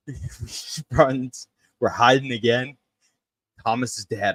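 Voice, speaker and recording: A man from Memphis, co-hosting a podcast, telling a story in a casual, animated way and shouting when he quotes others. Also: medium pitch, a little slow, pauses often, dry recording, rough recording. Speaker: podcast co-host.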